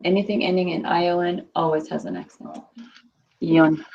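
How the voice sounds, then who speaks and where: A woman's voice: fairly low pitch, steady tone, normal speed, vocal fry, darkish tone, highs cut off, slight background noise. A woman teaching a Spanish class, patiently quizzing students and repeating their answers.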